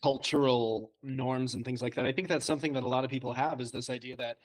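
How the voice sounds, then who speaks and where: A man co-hosting a podcast, with a mid-range voice. He talks in a relaxed, agreeable way and chimes in casually with his own experience. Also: medium pitch, fast, low-quality recording. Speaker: podcast co-host.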